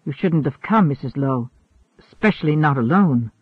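A man's voice: fairly high pitch, animated, normal speed, slightly rough, no echo. A man voicing a friendly, protective male security volunteer with a folksy, reassuring way of talking. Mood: warning. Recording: narrow phone-like sound.

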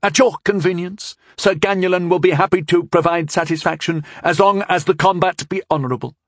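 A man doing a haughty teenage squire, pitched high. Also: fairly quick, no room sound, clean studio sound. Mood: indignant formal. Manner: stiff, formal and indignant. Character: haughty hot-headed teenage male squire.

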